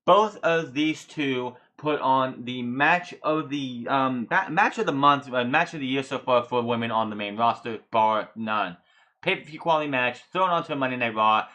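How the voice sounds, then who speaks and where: A man's voice: medium pitch, normal speed, bright, forceful tone. A man hosting a casual solo wrestling review podcast, ranting heatedly with lots of swearing and frequent stumbles and restarted words.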